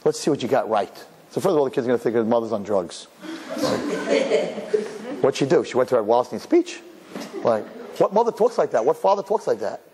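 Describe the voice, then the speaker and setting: A man as a rabbi giving a humorous sermon-lecture, telling stories with sarcastic, animated delivery. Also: medium pitch, fairly quick, long pauses, big-room sound.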